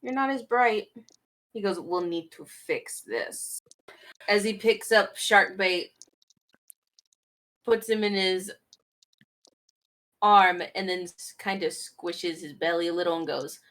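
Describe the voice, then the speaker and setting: Slow-paced woman narrating her character. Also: medium pitch. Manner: narrates her character in third person, quotes his lines flatly. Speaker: player. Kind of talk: tabletop role-play, voicing her character.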